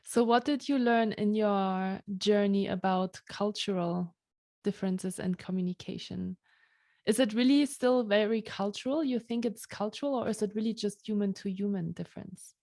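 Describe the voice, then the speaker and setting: A woman's voice: mid-range voice, moderate pace, warm tone, no echo, studio quality. A woman hosting a podcast interview, affirming her guest and asking open questions. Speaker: podcast host.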